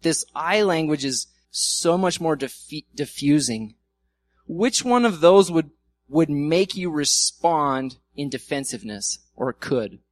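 A male pastor gives a sermon in a loose, talky way, slipping into little acted-out arguments for laughs. His voice sits a bit high for a man and is recorded close and dry, with hardly any room sound. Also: lively intonation, slow pace, dry recording. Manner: conversational, acts out quoted arguments with humor. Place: church.

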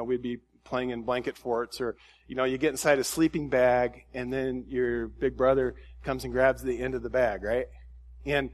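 A man preaching a conversational sermon in a relaxed, folksy way, with frequent fillers and restarts. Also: medium pitch. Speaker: pastor.

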